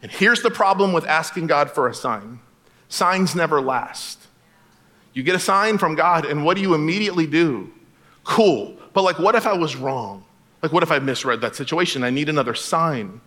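A man preaching a sermon in a lively, joking way, acting out the characters in casual everyday speech. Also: fairly high pitch, normal speed. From Florida. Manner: animated, joking, acts out Bible characters in casual voices. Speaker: pastor.

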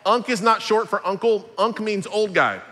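Bright-voiced pastor in his forties. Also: sits high, animated, moderate pace, long reverb tail, slight background noise. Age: 40s. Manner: upbeat, jokey and conversational. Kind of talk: sermon.

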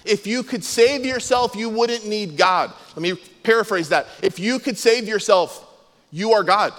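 A man preaching a sermon as pastor, earnest and emphatic, often dropping to a soft, low voice. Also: unhurried. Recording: long hall reverb.

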